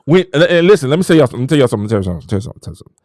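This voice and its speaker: A man hosting his own show, delivering a fervent, preaching-style motivational talk that swings from low murmurs to shouted exclamations. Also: sing-song, very fast, no echo. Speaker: show host.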